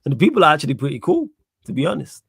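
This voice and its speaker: A man's voice: a little high, huge pitch swings, very fast, vocal fry, fairly bright tone, husky, dry recording. A young man from Manchester with a Mancunian accent, hosting a casual football chat, laid-back and slangy, laughing often. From Manchester, England. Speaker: podcast host.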